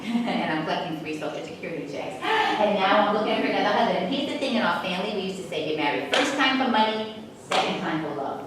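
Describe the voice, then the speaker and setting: A woman's voice: low voice, noisy background, voice pushed down. A woman doing a brassy old New Jersey great-aunt. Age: older. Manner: brassy, teasing, flirts with the crowd. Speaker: comedic character. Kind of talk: stand-up character comedy. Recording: echoey hall from far off with audience. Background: live audience.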